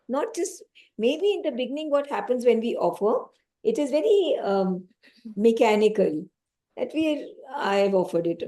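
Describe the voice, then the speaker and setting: A woman giving a lecture on scripture, explaining slowly, repeating key phrases and asking her small audience questions. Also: mid-range voice, warm tone. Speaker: spiritual teacher.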